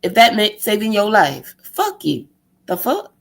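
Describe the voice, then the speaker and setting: A woman speaking rants on a live stream. Her talk is blunt, heated and full of profanity, at a medium pitch that sits in the middle for a woman. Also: huge pitch swings, measured pace, vocal fry.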